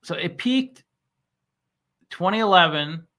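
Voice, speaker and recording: A man hosting a casual stock commentary channel, talking with halting restarts and plenty of fillers. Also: sits high, expressive, sharp tone. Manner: reads scam email aloud mockingly. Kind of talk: casual chat.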